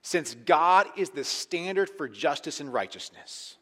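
Bright-voiced pastor in a reverberant hall. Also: male voice, fairly high pitch, big pitch swings, measured pace. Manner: conversational, emphatic, swings from loud to hushed. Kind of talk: sermon.

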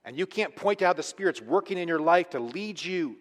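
A man preaching a sermon, earnest and emphatic, swinging between quiet, intimate lines and loud, pressing ones. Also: a little high, animated, brisk. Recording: long reverb of a large hall.

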